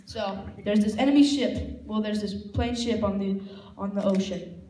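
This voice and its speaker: A man's voice: high-pitched, steady tone, normal speed, mellow. A man performing a stand-up comedy set on stage with a handheld mic. He tells rambling, self-deprecating stories and acts out the people in them. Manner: rambling self-deprecating storytelling with acted-out quotes. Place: comedy stage before a laughing audience. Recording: echoey room with faint noise.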